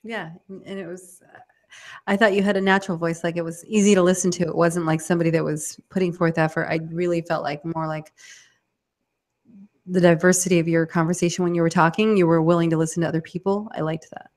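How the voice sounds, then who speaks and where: A woman co-host with a slightly low voice chats casually and giggles often. She is talkative and warm toward the guest. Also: steady tone, quick pace. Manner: giggly, chatty. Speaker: show runner and co-host. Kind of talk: casual chat.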